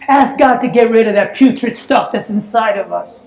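A woman preaching a sermon in a church, telling a personal story in an animated way that breaks into shouts and laughter. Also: on the high side, moderate pace, roomy sound. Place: church sanctuary.

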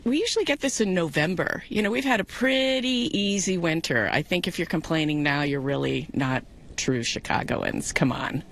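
A woman speaking in a brisk, no-nonsense way in a street interview. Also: on the low side.

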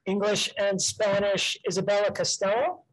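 A presenter reads out students' names individually at a school board meeting, stumbling over pronunciations and carefully correcting themself. The voice is medium-pitched with a flat delivery, set against a noisy background.

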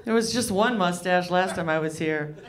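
A woman's voice: on the low side, normal speed. A woman comedian doing a stand-up set on a club stage, loose, rambling and crude, poking fun at herself. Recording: live club set with audience laughter.

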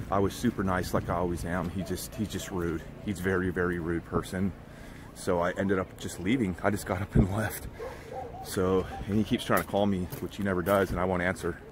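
Male vlogger, lower voice, rambling confessional talk, outdoors with clear background noise. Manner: rambling, confiding, slangy. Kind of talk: casual vlog monologue. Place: outdoor dog park.

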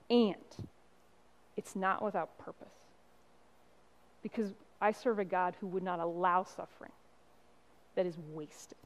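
A middle-aged woman pastor giving a sermon, telling stories and driving points home with emphatic pauses. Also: medium pitch, darkish tone. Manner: impassioned preaching with storytelling and emphatic pauses.

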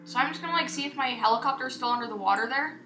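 A young woman giving casual, excitable gameplay commentary as a YouTuber, chatty and self-mocking. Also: high-pitched, racing. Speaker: gaming YouTuber. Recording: echoey room with faint noise.

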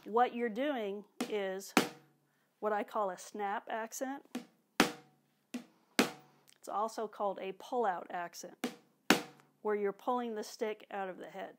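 Slow and leaving long pauses, a woman with a mid-range voice teaches a drum technique over loud drumming. Her patient, clear instruction is punctuated by spoken drum sounds.

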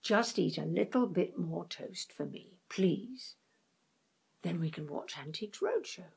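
An actress playing a worn-out sister gently coaxing her brother who has dementia, slow and soothing. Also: on the low side, animated, gravelly, husky, heavily acted. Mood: reassuring. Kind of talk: stage drama acting.

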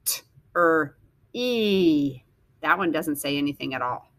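A woman teacher slowly sounding out letters and words for young children in a phonics lesson. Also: low voice, animated, fairly bright tone, dry recording. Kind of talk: early-reading phonics lesson.

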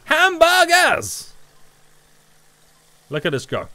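Excitable young gaming YouTuber. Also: male voice, fairly high pitch, normal speed. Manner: excitable, jokey, talks to chat and teammates. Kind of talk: energetic Roblox gameplay commentary.

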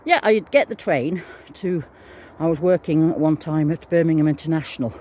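A man's voice: on the high side, moderate pace, warm tone, breathy edge. A man in his sixties rambling casually while walking his dog outdoors, drifting between topics and breaking off to talk to the dog. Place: outdoors in fields on a walk.

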